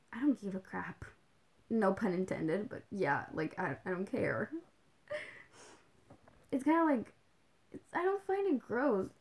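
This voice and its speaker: Young woman with a gravelly, vocal-fry voice. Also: mid-range voice, big pitch swings, takes it slowly, pauses often, darkish tone. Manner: chatty, rambling, with many "like"s and little laughs; mixes in Spanish phrases. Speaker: livestream host. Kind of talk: casual chat.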